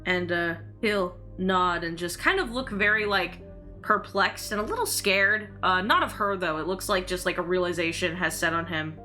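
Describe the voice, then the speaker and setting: A woman's voice: on the low side, normal speed, pushed and bright, faint music behind. A woman acting as dungeon master, narrating a tabletop game in a chatty way with lots of fillers. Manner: chatty narration full of likes and uhs.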